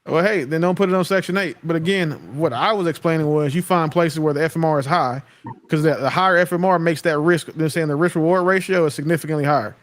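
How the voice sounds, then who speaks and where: Brief: man, host, quick and a little high, lectures with confidence. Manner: assertive, lecturing. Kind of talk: casual chat.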